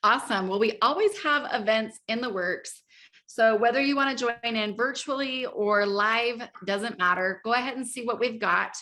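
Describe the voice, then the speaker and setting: Lively high-voiced woman guest. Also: moderate pace. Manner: animated, laughs often, acts out inner voices. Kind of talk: enthusiastic interview talk.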